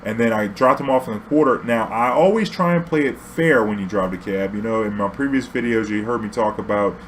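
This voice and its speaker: A young man, a former cab driver, telling a loose, profane story from his driving days. His voice sits on the low side, and he keeps looping back and restarting. He laughs often as he goes. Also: fairly quick, a little hiss or hum. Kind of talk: casual storytelling vlog.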